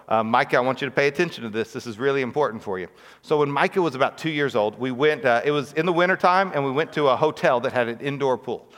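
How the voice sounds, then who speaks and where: A man delivers a sermon in a relaxed, conversational way, often checking in with the congregation through quick rhetorical questions. He sits at a middle pitch. His voice rings out with the long reverb of a large church sanctuary. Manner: conversational, with frequent rhetorical questions and "right?" asides. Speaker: pastor.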